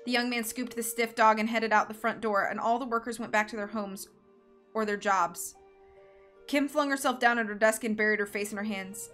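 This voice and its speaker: A woman reading a mystery novel aloud on a live stream, with steady storytelling. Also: a little high, a little fast, soft background music. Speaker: book reader. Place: home streaming setup.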